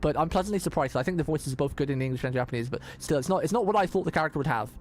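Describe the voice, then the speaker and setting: A man's voice: fairly high pitch, animated, very fast, a little hiss or hum. A man streaming a game, chatting casually and rambling, repeating words and restarting his sentences often. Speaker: vtuber streamer. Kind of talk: casual live-stream commentary.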